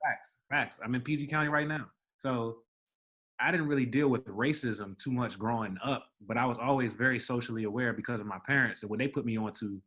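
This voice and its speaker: Medium-pitched and fairly quick, this young podcast co-host from the Maryland side of the Washington DC area tells a story in casual conversation. He animates it by acting out the voices of the people in it.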